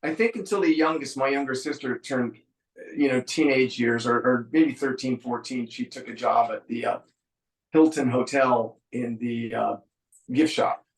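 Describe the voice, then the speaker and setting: A middle-aged man from San Francisco talks through family memories in a relaxed, rambling way with a dry wit. His voice sits at an ordinary middle pitch. The room around him rings with noticeable echo. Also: normal speed. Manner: relaxed storyteller, dry humor, frequent ums. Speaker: musician guest. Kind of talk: casual interview chat.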